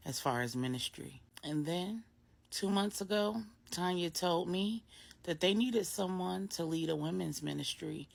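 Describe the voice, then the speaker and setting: A woman voicing a grown mother opening up to her best friend, earnest and searching. She sounds low and warm, talking it through in a plain, conversational way rather than a showy one. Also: gravelly, heavily acted.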